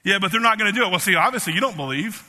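A man's voice: expressive, rapid-fire, pushed and bright, big-room sound. A man in his fifties preaching a sermon, emphatic and repetitive, tearful as he rises to fervent peaks. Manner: emphatic, repeats words, rising to fervent pitch.

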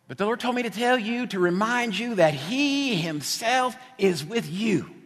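A middle-aged male preacher from New Jersey delivers a sermon in a fairly high voice. He tells stories with animated energy and slips into casual, chatty asides. His voice rings out in a church hall with a long reverb tail. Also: a little slow, few pauses.

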